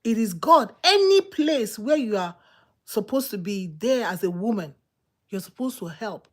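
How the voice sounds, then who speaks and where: A woman preaching a sermon in an emphatic, repetitive, exhorting manner, swinging between loud outbursts and low murmurs. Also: expressive, a little slow.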